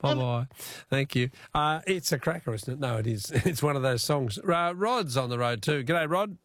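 A man's voice: medium pitch, expressive, normal speed, fairly bright tone, no echo. A man with an Australian accent hosting a talkback radio show, jovial and easygoing, chuckling as he chats with callers. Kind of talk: casual talkback chat.

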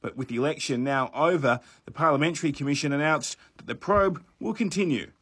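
A man reading a scripted radio news bulletin in a measured, formal way. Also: a little high, a bit bright, breathy edge. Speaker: newsreader.

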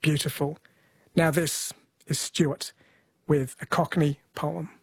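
A man's voice: a little high, little pitch movement, slow pace, vocal fry. A man hosting a talk show, explaining things in an earnest, chatty way. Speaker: podcast host. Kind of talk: casual chat, explaining.

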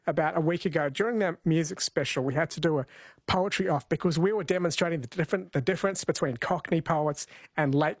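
A man's voice: fairly high pitch, fast, no echo. A man hosting an overnight radio show, upbeat and playfully teasing. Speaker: radio host. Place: radio studio.

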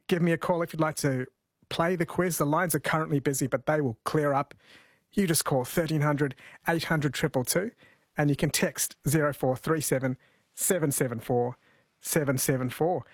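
Chatty radio host, higher-pitched man. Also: dry recording. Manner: chatty, reads out texts and weather. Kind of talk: talk radio presenting. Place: radio studio. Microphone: studio mic.

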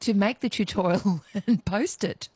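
A woman's voice: mid-range voice, measured pace, warm tone, husky, no room sound. A woman hosting a talkback radio quiz, chatty and playful, laughing easily with callers. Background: music bed.

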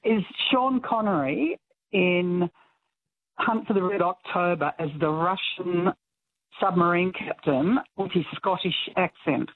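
A woman's voice: on the low side, slow, no echo. A woman from Australia, a caller chatting in a self-deprecating way. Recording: husky phone line.

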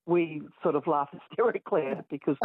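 A woman's voice: low-pitched, fast talker, slightly rough, dry recording. A shy woman, a caller phoning in to talkback radio. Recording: tinny phone line.

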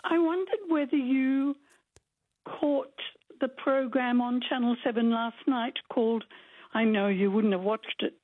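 A woman's voice: a little high, unhurried, no room sound. A woman calling in to a radio show, friendly and chatty. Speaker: caller. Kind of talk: phoning in to a radio chat. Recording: tinny phone line.

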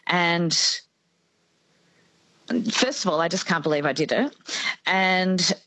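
An excitable Australian woman hosting radio, talking fast and laughing often. Her voice sits a little low. It is recorded close and dry in a studio. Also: no echo, poor audio. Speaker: radio host. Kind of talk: casual radio chat.

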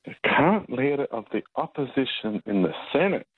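A man's voice: mid-range voice, big pitch swings, a little fast, husky, no echo, narrow, tinny audio. A man calling in to a radio quiz, laughing and easygoing. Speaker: caller.

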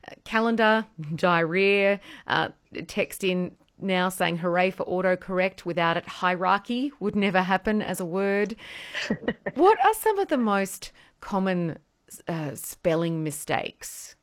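A woman hosting a talkback radio show, briskly taking calls and reading out listener texts. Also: medium pitch, lively intonation. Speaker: radio host.

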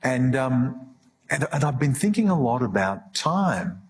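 A middle-aged man talking earnestly in an interview, halting and restarting as he reflects. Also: mid-range voice, very animated, slight background noise. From Australia. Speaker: guest.

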